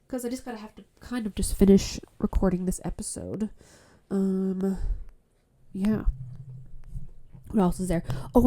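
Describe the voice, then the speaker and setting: A woman's voice: mid-range voice, warm tone. A Canadian woman hosting a casual solo podcast on her phone, tired and stuffy-nosed, rambling frankly and swearing often. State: stuffy nose. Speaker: podcast host. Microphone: phone mic.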